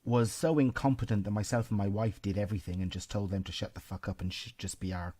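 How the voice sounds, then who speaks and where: A man hosting a podcast interview, telling stories in an animated way and swearing freely. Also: lowish voice, fast. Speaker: podcast host. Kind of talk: casual interview chat.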